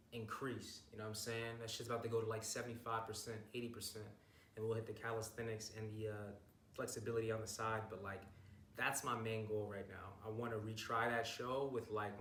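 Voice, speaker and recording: A man's voice: lowish voice, level tone, a little fast, fairly bright tone. A young man giving a casual recap vlog of his bodybuilding show, hyped and rambling, with plenty of swearing. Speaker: bodybuilder vlogger. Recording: roomy, distant from mic, faint noise.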